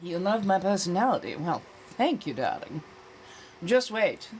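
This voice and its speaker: Languid low-voiced woman calling everyone darling. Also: big pitch swings, a little slow, a little hiss or hum. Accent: affected old-fashioned American. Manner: languid and theatrical, calls viewers darling. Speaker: livestream host. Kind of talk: casual chat.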